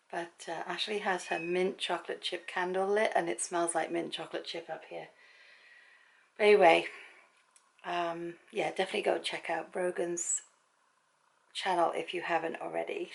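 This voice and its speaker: Chatty gravelly-voiced English woman vlogger. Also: on the low side, little pitch movement, measured pace, pauses often, slight background noise, low-quality recording. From England. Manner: chatty, rambling, laughs easily. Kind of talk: casual vlog chat to camera. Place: home at night.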